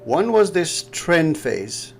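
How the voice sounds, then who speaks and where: Very animated but slow-paced, a Pakistani man with a slightly high voice and vocal fry explains market charts in a rambling, casual way. He's a trading educator who laughs often and speaks Pakistani English. There's slight background noise.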